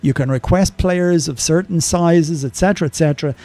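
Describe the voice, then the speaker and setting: A man's voice: fairly high pitch, a little fast, mellow, no echo. An older man streaming a game live, chatting casually and rambling through viewer questions with lots of ums and asides.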